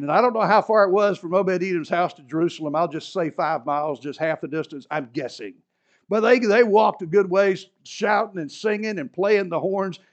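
A man preaching a sermon, reading scripture and adding chuckling asides. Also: sits high. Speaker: pastor. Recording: dull lo-fi sermon recording.

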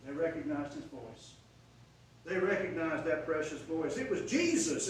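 A man's voice: fairly high pitch, big pitch swings, a little slow. A man preaching a sermon, retelling a story with dramatic swells in volume. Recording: echoey room from far off, faint noise.

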